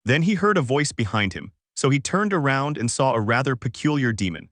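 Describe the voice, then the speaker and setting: A man narrating fan fiction in scripted narration with a flat, even reading voice on a close, dry mic. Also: medium pitch, a little fast, no room sound. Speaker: fanfic narrator.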